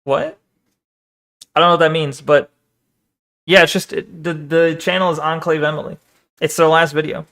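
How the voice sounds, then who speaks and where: High-voiced sarcastic male streamer. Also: fairly even intonation, normal speed, pauses often, bright, forceful tone. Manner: sarcastic, mocking, laughs often. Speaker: streamer reacting to a video. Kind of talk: live reaction commentary.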